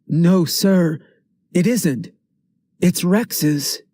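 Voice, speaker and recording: A man's voice: high voice, very slow, mellow, dry recording, clean studio sound, pitched above the performer's own voice, full character voice. A man voicing a frightened teenage boy who stammers and pleads. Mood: nervous.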